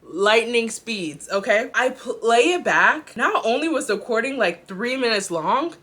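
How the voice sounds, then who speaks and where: Young woman vlogger, bright and ringing tone; loose, chatty rant full of fillers. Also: on the high side, lively intonation, measured pace. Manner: rambling, heavy filler "like", addresses viewers as y'all and bestie. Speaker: drama review vlogger. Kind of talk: casual chatty rant to camera.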